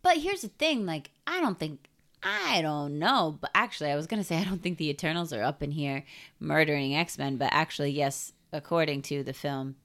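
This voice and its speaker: A woman's voice: deep voice, lively intonation, moderate pace, fairly bright tone. A woman co-hosting a podcast in casual chat, teasing her co-host and laughing often.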